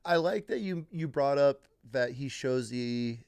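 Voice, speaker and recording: Man hosting a podcast, smooth voice. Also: mid-range voice, expressive, measured pace, a little mellow, no echo, clean studio sound. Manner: thoughtful, rambling questions with many restarts. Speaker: podcast host. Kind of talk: casual interview chat.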